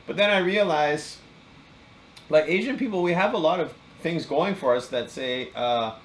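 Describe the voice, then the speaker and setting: A man's voice: on the high side, normal speed. Rambling man in an echoey room. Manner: rambling, animated storytelling with many fillers. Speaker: podcast co-host. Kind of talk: casual podcast chat. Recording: echoey room with faint ambient noise.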